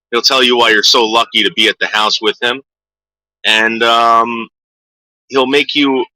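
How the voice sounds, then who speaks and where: A man's voice: mid-range voice, sharp tone, no echo, poor audio. A man telling rambling stories to his viewers, repeating words and quoting people in put-on voices. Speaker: streamer telling stories about his father. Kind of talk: casual storytelling to a live chat.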